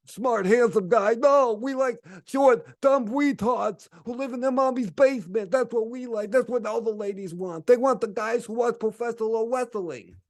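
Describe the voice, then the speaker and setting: A man putting on the voice of a whiny, mocking male online hater in a sneering falsetto. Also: darkish tone.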